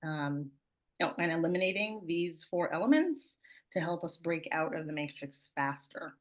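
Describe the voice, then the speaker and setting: A woman's voice: deep voice, animated, normal speed. A woman in a casual spiritual chat, asking questions and listing points methodically.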